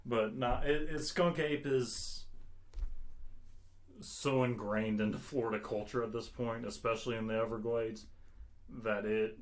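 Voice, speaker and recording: Relaxed man telling cryptid lore. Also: on the low side. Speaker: podcast co-host. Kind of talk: casual chat.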